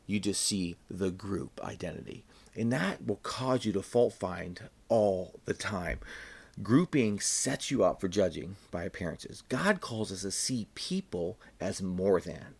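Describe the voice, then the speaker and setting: A man's voice: deep voice, animated, a little slow, creaky, darkish tone, breathy edge. A man giving a short devotional Bible teaching, earnest and plain-spoken, stressing points by repeating them.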